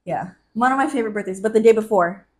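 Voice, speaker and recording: A woman in her twenties co-hosting a podcast, telling stories in an animated way with frequent laughter. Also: medium pitch, fast talker. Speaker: podcast co-host. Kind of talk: casual chat.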